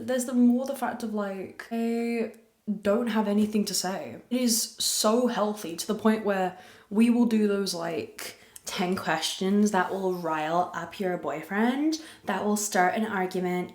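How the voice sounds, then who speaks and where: A young woman hosting her podcast, chatting candidly and rambling with crude jokes, talking softly. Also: mid-range voice, unhurried. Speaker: podcast host. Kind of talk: casual confessional chat. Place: room at a farm. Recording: echoey room.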